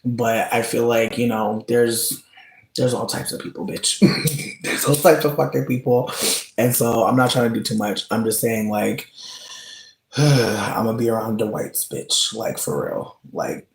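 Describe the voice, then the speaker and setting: Measured and fairly even in intonation, this streamer's medium-pitched voice carries vocal fry as he chats casually with his viewers. He's rambling and profane, full of "like" fillers and frequent laughter, and the recording has a roomy echo.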